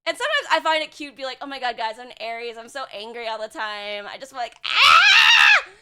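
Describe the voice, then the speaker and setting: A woman's voice: fairly high pitch, lively intonation, fast, shouting, heavy background noise. A young woman streaming as a VTuber, chatting casually and bluntly with her chat, swearing and sarcastic, full of filler words.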